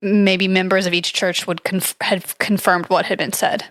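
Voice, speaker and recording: A woman's voice: lowish voice, level tone, moderate pace, a bit bright, dry recording, studio quality. Chatty woman retelling a ghost story. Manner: chatty, hedging, reads from notes with frequent likes and I don't knows. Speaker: podcast co-host. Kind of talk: casual storytelling chat.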